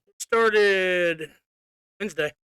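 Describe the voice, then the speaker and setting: A man's voice: high-pitched, slow pace, sharp tone, clear, resonant tone, no echo, clean studio sound. A man co-hosting a podcast, chatting casually about hunting, laughing and swearing often. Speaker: podcast co-host. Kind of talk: casual chat.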